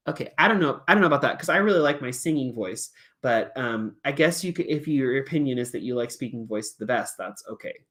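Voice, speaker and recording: Chatty woman with a lively voice. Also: extremely low pitch, fairly quick, few pauses. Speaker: kindergarten music teacher. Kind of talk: explaining classroom puppet lessons. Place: small office.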